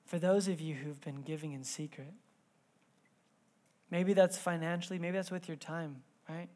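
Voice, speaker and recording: A man in his thirties preaching a sermon in a church, telling a family story with lively swings between loud bursts and hushed moments. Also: fairly high pitch, normal speed. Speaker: pastor. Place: church sanctuary.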